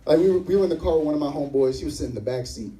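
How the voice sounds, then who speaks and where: Racing through his material, a young man with a fairly high-pitched voice tells stories onstage at a live comedy venue and acts out the other people in them. The mic sits far away, and the recording is low quality.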